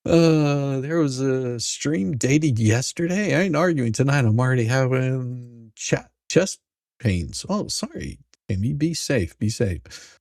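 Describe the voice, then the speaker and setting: A man's voice: mid-range voice, animated, slow pace, darkish tone, no room sound, studio quality. A middle-aged man hosting a live stream, casually greeting chatters by name and chuckling often. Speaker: livestream host.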